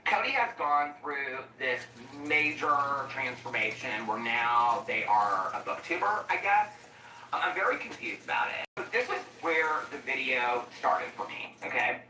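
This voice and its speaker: Unhurried and mid-range, with big pitch swings and a pushed, bright tone, a tired commentary YouTuber chats and laughs as he cooks, going off on tangent after tangent. The mic sits at a distance in an echoey kitchen, with slight background noise.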